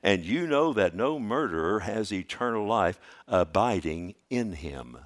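A man preaching a sermon as pastor, swinging from loud, stressed lines to quiet asides. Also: fairly low pitch, very animated, unhurried.

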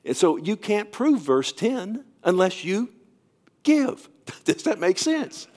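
A man's voice: high voice, sing-song, slow pace, darkish tone. A man preaching a sermon as pastor, emphatic and repeatedly asking his congregation to affirm what he says.

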